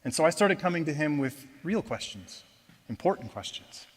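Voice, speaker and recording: A man giving a personal testimony at church, telling his story in a conversational, self-deprecating way that moves between lively retelling and quiet reflection. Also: on the high side, normal speed, big-room sound. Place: church auditorium.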